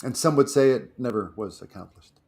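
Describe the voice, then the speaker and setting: A man's voice: medium pitch, brisk, darkish tone. A man co-hosting a livestream, with dry, teasing banter over a video call.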